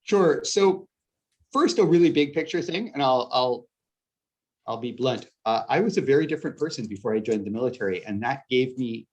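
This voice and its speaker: A man's voice: medium pitch, animated, normal speed, dull audio. A middle-aged man from upstate New York with a Canadian-sounding accent, chatting as an author guest in a casual interview, self-deprecating and full of restarts. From upstate New York, USA. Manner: rambling, self-deprecating, many restarts and laughs.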